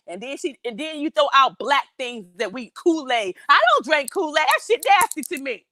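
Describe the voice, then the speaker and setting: A woman, telling a story in animated, indignant casual chat. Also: high voice, normal speed, no echo. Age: 40s.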